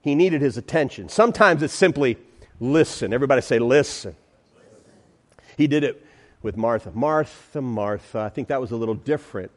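A man's voice: mid-range voice, animated, quick pace. A man preaching a sermon as pastor in a church, emphatic, repeating phrases and calling out to the congregation.

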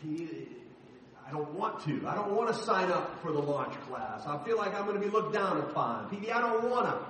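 Guy doing a whiny churchgoer who doesn't wanna step up, high pitched, echoey room. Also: sing-song, fairly quick, a bit bright, slight background noise. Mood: whining. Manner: whiny, hesitant. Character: reluctant whiny adult church member. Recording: echoey hall from far off.

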